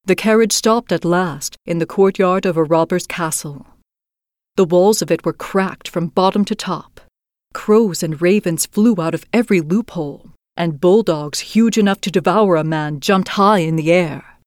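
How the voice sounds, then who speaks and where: Low-voiced woman reading a fairy tale. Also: dry recording, studio quality. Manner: measured, expressive reading. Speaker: storyteller host. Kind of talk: scripted storybook narration.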